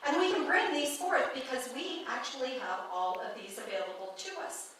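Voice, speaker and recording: A woman's voice: sits high, big pitch swings, moderate pace, fairly bright tone, a little hiss or hum. A woman giving a conversational, playful sermon as a guest speaker at a spiritual church. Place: church sanctuary. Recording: echoey hall from far off.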